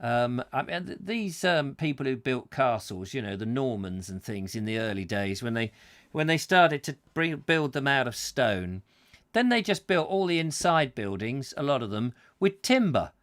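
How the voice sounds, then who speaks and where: A man's voice: mid-range voice, lively intonation, moderate pace, a bit bright. A man with a rambling, self-mocking manner, hosting a comic live chat show and full of fillers and asides.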